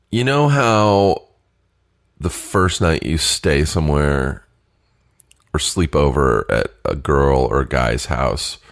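A man with an extremely deep voice tells a personal story in a slow, unhurried way. He stops and starts, and laughs now and then between phrases. His nose is a little stuffed from allergies. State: sniffly from allergies. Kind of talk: casual spoken storytelling.

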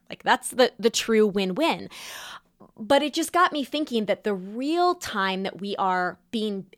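A young adult woman hosting a podcast, talking in a chatty, animated way with quick asides. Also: mid-range voice, no echo, clean studio sound. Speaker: podcast host and style teacher. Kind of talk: casual podcast monologue.

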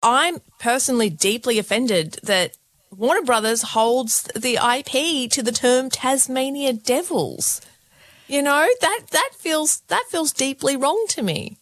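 A woman hosting a radio show, chatting in a playful, quick-witted way and bantering with her co-host. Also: sits high, expressive, fairly bright tone, dry recording.

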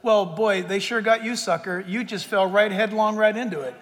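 Middle-aged male pastor, high bright voice, chatty joking sermon, long church reverb. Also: normal speed. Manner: conversational, joking with the congregation. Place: church sanctuary.

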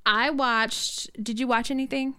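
A woman co-hosting a casual podcast chat, telling a story with lively energy and plenty of swearing. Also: on the high side, a little slow, clear, resonant tone. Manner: animated storyteller, swears freely. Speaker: podcast co-host.

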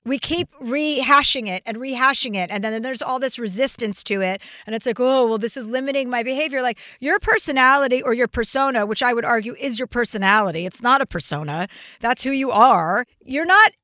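A woman in her forties hosts a casual podcast chat, joking bluntly and swearing freely. Her voice is bright and sits a touch high. The sound is dry and close, with no room around it. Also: brisk, no room sound. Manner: blunt and profane; comedic. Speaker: podcast host.

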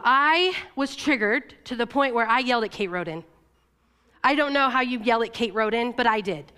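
A woman's voice: a bit bright, clear, resonant tone. A woman from Oregon giving a sermon, telling a personal story in an emotional, confessional way. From Oregon, USA. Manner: emotional, confessional storytelling with quick shifts in pitch. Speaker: church staff speaker.

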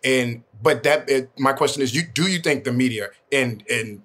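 A man's voice: mid-range voice, normal speed, fairly bright tone. A man hosting a podcast conversation, hesitant as he restarts and rephrases his questions.

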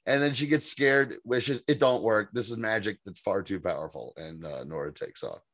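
A man's voice: fairly low pitch, normal speed, fairly bright tone, dry recording. A man co-hosting a podcast, recapping in casual chat, rambling, swearing freely and laughing often. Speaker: podcast co-host.

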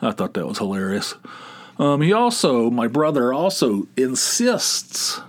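A man hosts his own podcast and tells stories casually from behind the mic. He wanders through each anecdote, breaks off mid-sentence and starts over. He laughs easily, and his voice sits at an ordinary middle pitch. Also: big pitch swings, measured pace. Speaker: podcast host. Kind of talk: casual solo storytelling.

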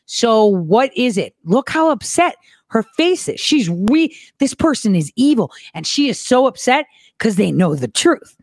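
Female host for reaction commentary, sarcastic and mocking, lively pitch, dry recording. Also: a little slow, dry recording. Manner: sarcastic, animated, mocking impressions. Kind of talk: reacting to news clips.

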